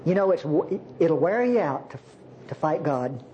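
A man's voice: on the high side, expressive, moderate pace, slight background noise. A man preaching a sermon, teaching the Bible in a folksy, chuckling way. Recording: dull lo-fi sermon recording.

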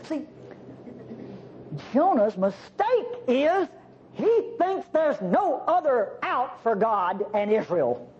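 Animated preacher, sermon with playful asides, swooping pitch, dull recording with faint hiss. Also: slow pace. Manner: animated, jokey asides to the congregation.

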